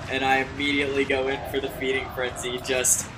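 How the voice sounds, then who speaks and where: A man's voice: medium pitch, monotone, fairly quick, noisy background. A man playing a tabletop game, talking casually with eager, hesitant restarts. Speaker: player.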